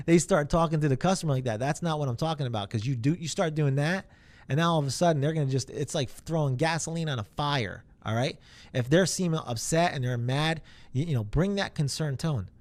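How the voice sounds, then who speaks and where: A man's voice: medium pitch, normal speed, darkish tone. A man giving an informal sales training talk in a rambling, conversational way, full of fillers.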